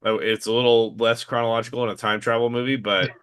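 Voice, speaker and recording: A man's voice: mid-range voice, little pitch movement, fast, a bit bright, clear, resonant tone. A man in his late thirties co-hosting a podcast in casual chat, hesitant and wry, with lots of fillers. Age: late 30s. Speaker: podcast co-host.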